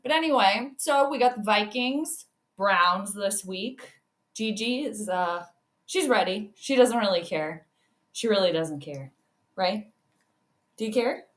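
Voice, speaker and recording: Her voice medium in pitch and fairly bright, this livestream host talks a little slowly with lively intonation. She chats casually, calls out viewers by name, and laughs frequently, all in a roomy, echoing space.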